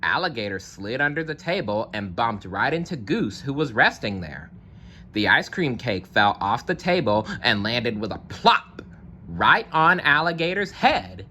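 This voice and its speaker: A man reading a children's picture book aloud, narrating slowly and expressively. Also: on the low side, slight background noise. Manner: slow, expressive. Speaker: story reader. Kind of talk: read-aloud storybook narration.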